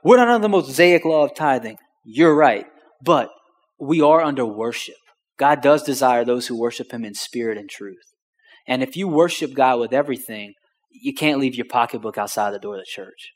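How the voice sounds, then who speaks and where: A male pastor preaching, telling a personal story with lively acted-out dialogue. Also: mid-range voice, moderate pace, in a large hall. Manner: animated storyteller acting out phone calls.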